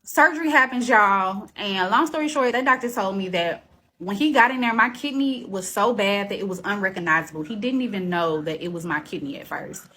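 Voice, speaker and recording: A woman with a mid-pitched voice telling her own story straight to camera. She talks in an earnest, casual and heartfelt way. She builds into a preacher-like rally urging listeners to keep going, with faint noise behind her. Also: brisk, bright, forceful tone. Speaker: vlogger. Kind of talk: personal testimony vlog.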